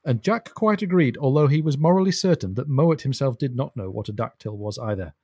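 A man talking through a book with a co-host in a relaxed, explanatory way, now and then breaking into a chuckle. His voice sits at a middle pitch and comes across close and dry, with no room sound around it. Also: fairly quick, breathy edge, dry recording. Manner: thoughtful, explanatory, chuckles often. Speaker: podcast co-host. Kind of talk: casual book discussion.

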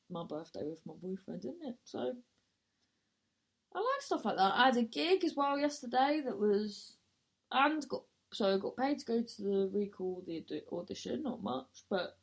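A woman's voice: mid-range voice, darkish tone, husky. Rambling woman telling stories. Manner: rambling, chatty, self-mocking asides; swears casually. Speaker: comedian and actor. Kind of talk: casual storytelling monologue.

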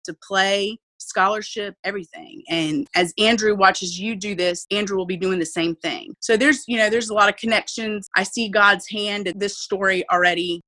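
A woman's voice: mid-range voice, steady tone, normal speed, few pauses, pushed and bright. A woman, a mother speaking earnestly and with faith about her child's illness in an interview. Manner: heartfelt, faith-filled, earnest. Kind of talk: emotional personal interview.

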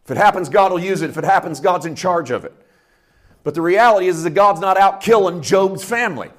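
A man preaching a sermon from Canada, animated, swinging between loud outbursts and quiet asides as he acts out quotes. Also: quick pace. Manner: animated preaching with big swings in loudness and pitch, acting out quotes. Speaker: pastor.

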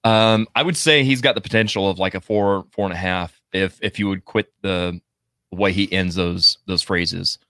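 A man co-hosting a casual chat about song covers, animated and jokey. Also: moderate pace, dry recording. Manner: animated, jokey, jumps up high when mimicking. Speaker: co-host.

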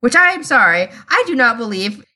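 A woman's voice: fairly high pitch, sing-song, fairly quick, bright, forceful tone. A woman co-hosting a podcast in casual chat, talking in a chatty, exasperated way. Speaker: podcast co-host.

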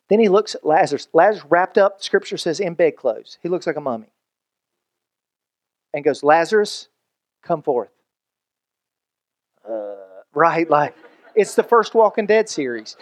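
A man pastor, preaching a sermon in an animated, conversational way with jokes and acted-out quotes. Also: a little high, normal speed, pauses often, no room sound.

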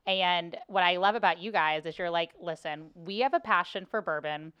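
A young woman hosting a podcast in casual chat, animated, laughing often and swearing casually. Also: on the low side, normal speed, clean tone, lo-fi sound. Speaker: podcast host.

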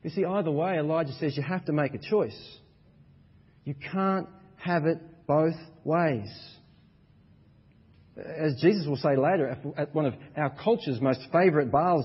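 Husky preacher in a reverberant hall. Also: male voice, a little slow. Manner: builds to loud, high-pitched emphatic preaching, then drops quiet. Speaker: pastor. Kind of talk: sermon. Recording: dull sound with long reverb in a large hall.

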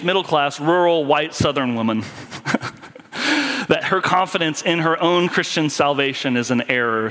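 A man preaching a sermon, often slowing down hard for emphasis and dropping his voice. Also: fairly high pitch, a bit bright. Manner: preaching with sudden slow, emphatic drops. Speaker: pastor. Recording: long hall reverb.

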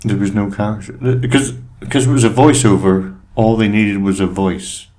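Lower-voiced man, teasing. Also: fairly even intonation, moderate pace, dark tone. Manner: sarcastic, teasing. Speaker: podcast co-host. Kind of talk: casual podcast chat.

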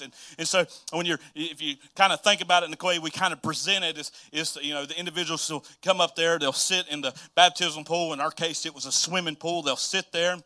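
A man's voice: fairly high pitch, sharp tone. A middle-aged male pastor preaching a casual, chatty sermon and repeating phrases for emphasis.

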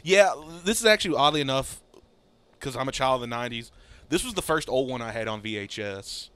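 A man in his thirties hosts a casual podcast chat with a bright, lively tone. His voice is clear and crisp. He keeps things laid-back and laughs easily. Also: medium pitch, brisk. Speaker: podcast host.

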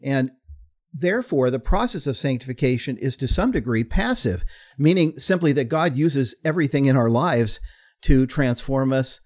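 Measured teacherly male co-host. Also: medium pitch, a little mellow. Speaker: podcast co-host. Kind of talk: explaining doctrine in conversation.

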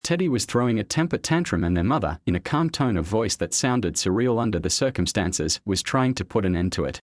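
A man narrating a story in a steady, even reading voice. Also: lowish voice, fairly quick, no room sound, clean studio sound.

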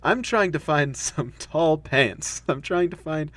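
A man in casual podcast conversation, his pitch bouncing widely from low to high. He laughs often and drops into playful voices when quoting someone. The delivery is loose and chatty. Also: animated, slow pace, crowd noise. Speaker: podcast co-host. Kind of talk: casual chat.

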